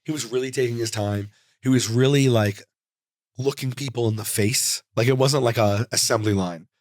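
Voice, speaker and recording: A comedian guest in his forties tells an interviewer a long story in an ordinary middle-register voice at a moderate pace. His delivery is animated and rambling, looping back with fillers and restarts. The studio sound is dry and close, with almost no room echo.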